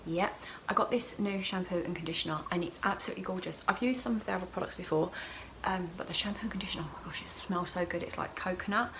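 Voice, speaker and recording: A woman's voice: on the low side, fast, hardly any pauses, noisy background. A woman talking through her day in a chatty, rambling vlog diary with self-mocking asides. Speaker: vlogger.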